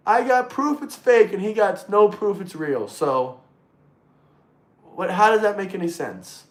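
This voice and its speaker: A man hosting a casual livestream and talking to his chat, excitable, swearing freely and repeating himself. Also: high-pitched, moderate pace. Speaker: livestream host reading chat. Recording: roomy echo.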